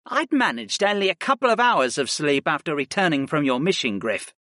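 A man's voice: a little high, big pitch swings, brisk, sharp tone, no echo, clean studio sound. A man voicing a snobbish, well-groomed young male mage with a fussy, precise way of speaking.

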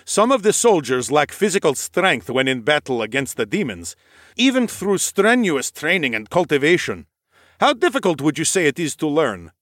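A man's voice: a little high, big pitch swings, moderate pace, a bit bright, dry recording, clean studio sound. A man voicing a cheerful male noble warrior who loves battle, speaking in a formal, eager, courtly way in an audiobook. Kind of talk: audiobook character voice.

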